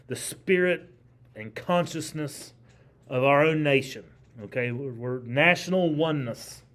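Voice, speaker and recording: A man with a fairly high voice lectures a history class in a classroom. His delivery is conversational but emphatic. He keeps throwing questions out to his students. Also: measured pace, a bit bright. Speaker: history teacher.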